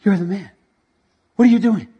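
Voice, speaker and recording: A man's voice: sits high, moderate pace, mellow, breathy edge, muffled recording, pitched above the performer's own voice. A man voicing an earnest bishop. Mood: urgent. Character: earnest male bishop, urgent and awed.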